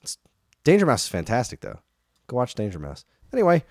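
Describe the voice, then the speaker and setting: A man's voice: mid-range voice, huge pitch swings, brisk, no echo, clean studio sound. A man in his thirties co-hosting a casual chat show, rambling off on tangents. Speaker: podcast co-host.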